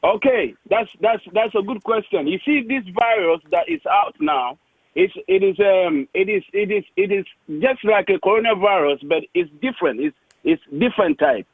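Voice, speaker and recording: A man's voice: sits high, expressive, moderate pace, no echo. A man calling into a talk show, laughing and rambling, repeating himself as he goes. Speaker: caller. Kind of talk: phone-in call. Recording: tinny phone line.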